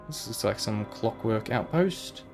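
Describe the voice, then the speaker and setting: A man's voice: on the low side, animated, a little slow, vocal fry, soft background music. A man playing a video game and thinking aloud in a rambling, casual way. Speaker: gamer. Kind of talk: let's play commentary.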